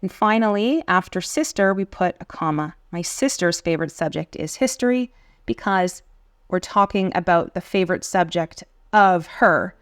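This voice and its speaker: A woman teaching an online English lesson, explaining punctuation rules patiently and clearly and reading example sentences aloud. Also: lowish voice, animated, moderate pace, dry recording, studio quality.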